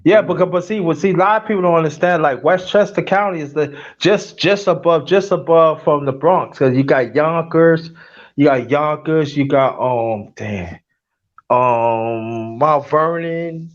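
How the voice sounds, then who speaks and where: A man hosting a casual chat, talking loudly in a New York accent, animated and slangy, repeating "yo" a lot. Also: a little high, a little slow, muffled recording. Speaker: host.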